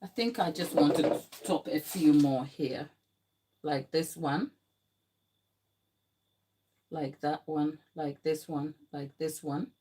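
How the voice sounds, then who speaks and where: Young woman baker on a live stream, slow easygoing talk, chatty, laughs a lot, bit tired. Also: sits low, fairly even intonation, warm tone. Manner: chatty and emotional, laughing often, talking to the chat. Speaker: baker hosting a livestream. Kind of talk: live baking tutorial chat.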